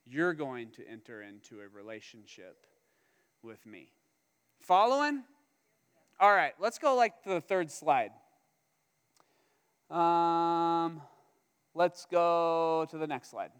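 High-voiced preacher in a reverberant hall. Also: male voice, slow pace, pauses often, clear, resonant tone. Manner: animated, humorous storytelling with acted-out quotes. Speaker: pastor. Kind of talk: sermon.

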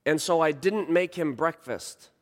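A man in his thirties preaching a sermon, telling a story and swinging from hushed lines to shouts. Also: a little high, unhurried. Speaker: pastor. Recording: long reverb of a large hall.

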